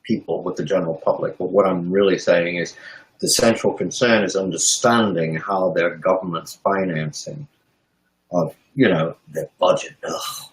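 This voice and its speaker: A man's voice: deep voice, normal speed. A man talking economics in a heated, sarcastic way, often laughing as he makes his points. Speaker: guest economics commentator. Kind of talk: heated casual chat. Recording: roomy echo.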